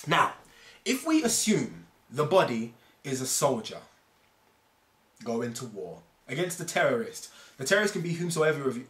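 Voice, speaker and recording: A man's voice: mid-range voice, very animated, normal speed, fairly bright tone. A man talking casually to camera as a fitness vlogger, rambling and fond of analogies. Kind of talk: casual explainer monologue. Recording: echoey room.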